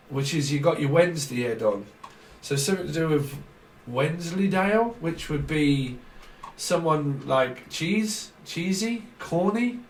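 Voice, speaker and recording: A man's voice: on the high side, a little hiss or hum. Rambling tarot reader man. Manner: rambling word association, frequent laughs, trailing restarts. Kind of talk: casual channelled tarot reading. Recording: roomy echo, mic at a distance.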